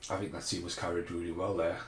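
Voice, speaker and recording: A man's voice: low voice, flat delivery, fast talker, a little hiss or hum. A man hosting a casual film commentary podcast, rambling and swearing freely as he rants. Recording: roomy echo.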